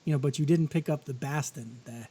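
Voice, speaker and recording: A man's voice: on the high side, a little fast, mellow, breathy edge. A man hosting a music podcast, chatting in an easygoing way and asking follow-up questions. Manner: easygoing, conversational, asks follow-ups. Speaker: podcast host. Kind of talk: casual interview chat.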